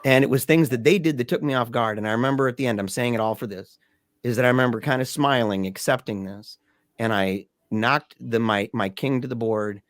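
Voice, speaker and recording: Here a middle-aged man recounts something personal as a podcast guest, speaking in a hesitant, conversational style full of restarts and soft laughter. His voice is medium in pitch, with no echo.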